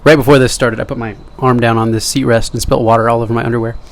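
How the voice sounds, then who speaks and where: A young male vlogger rambles casually to the camera at a racing clip, his mid-range voice holding a level tone. He jokes at his own expense and keeps drifting into side remarks.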